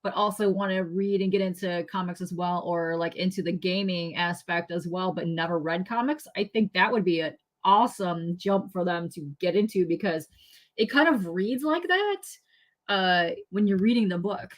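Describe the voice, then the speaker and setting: A woman hosting a casual podcast interview, enthusiastic and quick to laugh. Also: fairly low pitch. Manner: giggly, enthusiastic, laughs often. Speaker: podcast host.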